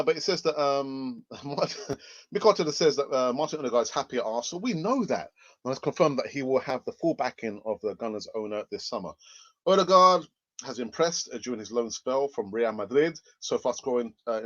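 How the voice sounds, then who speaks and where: A man hosting a live football news stream, chatty and rambling with sarcastic asides. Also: mid-range voice. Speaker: football channel host. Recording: dull lo-fi stream audio.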